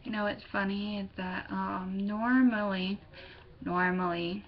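A woman's voice: medium pitch, takes it slowly. Teenage girl, casual home vlog, giggly and scattered, dull lo-fi mic, faint hiss. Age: teens. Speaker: vlogger. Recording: dull lo-fi webcam audio with faint noise.

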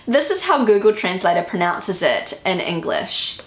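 A New Zealand woman talks in a casual vlog, repeating words after an app and picking apart her own pronunciation. Her voice has a gravelly fry in it, and the room around her rings with an echo. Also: medium pitch, very animated, normal speed, few pauses. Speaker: vlogger. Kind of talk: casual language-learning vlog.

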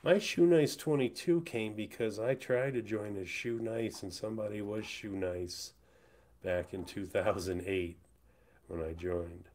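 A man streaming live who rambles, says he's high and mumbles, often trailing off into whispers. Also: measured pace, darkish tone. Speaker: livestreamer. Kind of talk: casual livestream chat. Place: indoors, hot room.

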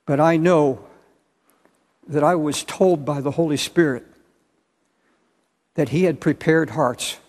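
An older man preaching a sermon as pastor, earnest and halting, with repeated restarts and bursts of loud emphasis. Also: a little high. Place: large church auditorium. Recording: long hall reverb.

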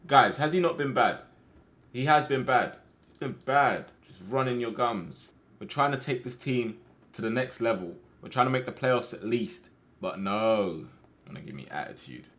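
A young man commentating on his football management game, getting excited and shouting at his players on screen. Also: mid-range voice, normal speed. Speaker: gaming streamer.

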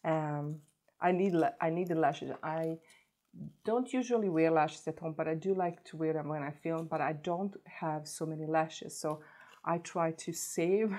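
A woman beauty vlogger chatting casually as she unboxes gifts, gushing and repeating words in her excitement. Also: sits low, measured pace.

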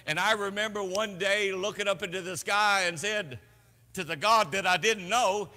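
A male pastor preaching with a bright, ringing voice that sits a little high for a man. He swings between loud, emphatic declarations and quiet, hushed stretches. A long church reverb trails behind each phrase. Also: moderate pace. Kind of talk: sermon. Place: church sanctuary.

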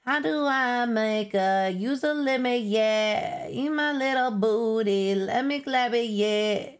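A woman streamer chatting live while gaming, excitable, with loud exclamations and giggles. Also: a little high, measured pace. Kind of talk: live game-stream chat.

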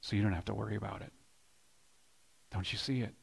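A man preaching a sermon as pastor, swinging between loud emphatic bursts and hushed low lines, often repeating words as he builds a point. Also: steady tone, quick pace, creaky, husky. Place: church sanctuary.

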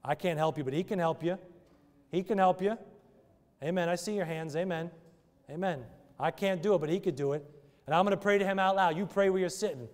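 Male pastor, fairly high voice, emphatic sermon delivery, long church reverb. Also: fairly quick, darkish tone. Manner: emphatic, repeated rhetorical questions. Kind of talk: sermon with altar call. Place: church sanctuary.

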